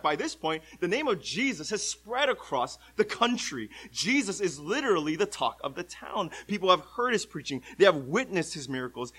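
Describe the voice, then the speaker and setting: A young adult man preaching a sermon, moving between hushed lines and loud, drawn-out cries. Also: sits high, low-quality recording.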